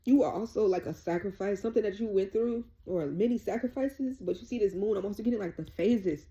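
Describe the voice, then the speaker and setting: A woman reads tarot cards in a rapid, rambling, casual way. Her voice is mellow and darkish, and she sounds emotional and at times tearful as she speaks. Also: mid-range voice. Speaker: tarot reader. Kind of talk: tarot reading.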